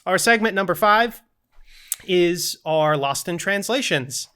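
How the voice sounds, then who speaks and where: A man's voice: sits high, lively intonation, slow pace, bright, forceful tone, clear, resonant tone. A man co-hosting a casual podcast, playfully reading out quiz options and running the game segments.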